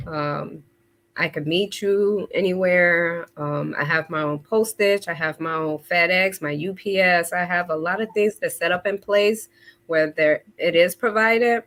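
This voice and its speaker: A woman guest on a podcast, answering questions in a steady, plain way with frequent ums. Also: lowish voice, unhurried. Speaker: podcast guest, paralegal business owner. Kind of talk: casual interview answers.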